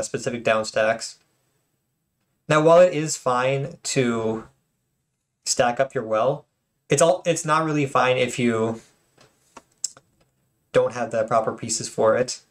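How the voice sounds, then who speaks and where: A man casually commenting on game replays, often stuttering and restarting his words, with apologetic asides. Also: medium pitch. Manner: self-conscious, apologetic asides.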